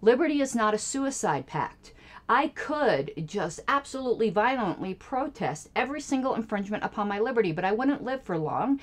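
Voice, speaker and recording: A woman's voice: fairly high pitch, very animated, moderate pace. A woman hosting a radio show, giving sarcastic, indignant political commentary on clips she plays. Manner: sarcastic and indignant, jokey asides.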